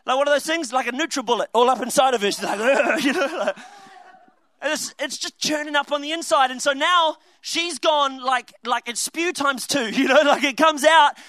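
High-voiced, bright, animated young preacher. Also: male voice, dry recording. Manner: animated storytelling with laughs and asides. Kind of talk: comedic youth sermon.

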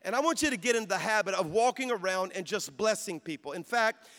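A middle-aged man preaching with a notably high voice, moving from storytelling into loud, emphatic exhortation. He calls out to the congregation. The sound carries the long reverb of a big auditorium. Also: expressive, fast. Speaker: pastor. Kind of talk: sermon. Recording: long reverb of a large hall.

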